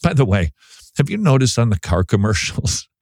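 A man's voice: mid-range voice, big pitch swings, normal speed, a little mellow, no room sound, studio quality. A man hosting a Christian talk show, chatting casually with wry, self-deprecating humor.

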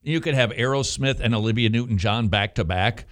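A man's voice: medium pitch, a little fast. A man hosting a Christian radio talk show, chatting casually and drifting into passionate preaching. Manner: animated, teasing, slips into sermon cadence.

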